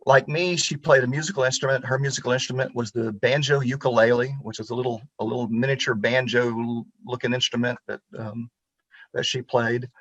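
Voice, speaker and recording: A man's voice: medium pitch, steady tone, brisk, fairly bright tone, dry recording, highs cut off. Earnest storytelling man in his 50s. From Pensacola, Florida. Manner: storytelling, earnest and reflective, with frequent restarts. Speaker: guest speaker on local history. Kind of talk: talk over a video call. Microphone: computer mic on a video call.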